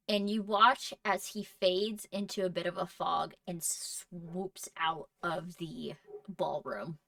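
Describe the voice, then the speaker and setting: A woman running a tabletop role-play as game master, narrating scenes in a measured, descriptive way. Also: mid-range voice, creaky, sharp tone, no room sound, distant mic.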